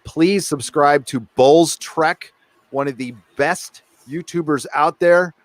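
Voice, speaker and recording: A man's voice: on the high side, slow pace, no room sound. Man, live stream host, casual rambling talk, jokey, dry close sound. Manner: rambling, jokey, reads out paid chat messages.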